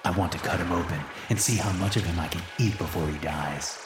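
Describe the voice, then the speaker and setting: A man's voice: lowish voice, animated, moderate pace, reverberant, recorded from a distance, music in the background, lightly acted. A man voicing a possessed young woman in a horror story, taunting in a sing-song way. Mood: eerie.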